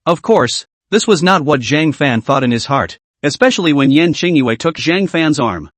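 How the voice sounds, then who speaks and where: A man narrating a story recap with a lively voice that swings up and down, pitched a little high for a man. The sound is dry and close, with no room echo. He reads in an animated way. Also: normal speed.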